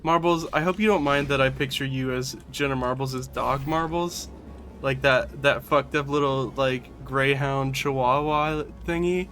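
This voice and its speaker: A man's voice: mid-range voice, measured pace, a bit bright, soft background music. A man streaming a video game, chatting casually in rambling, giggly stories full of swearing. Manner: rambling, giggly, profane storytelling. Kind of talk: casual gameplay commentary.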